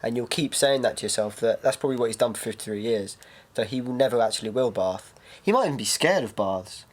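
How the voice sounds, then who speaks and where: A man's voice: medium pitch, animated, fast. A man, co-hosting a casual podcast, laughing often and throwing in teasing remarks. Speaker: podcast co-host. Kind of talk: casual chat.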